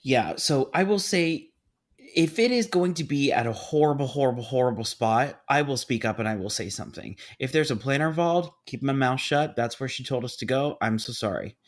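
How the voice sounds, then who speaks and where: A man hosting a podcast, launching into animated stories full of dramatic asides. His tone stays lively and expressive as he acts out the people he talks about. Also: mid-range voice, brisk. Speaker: podcast host, event business owner. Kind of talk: casual podcast chat.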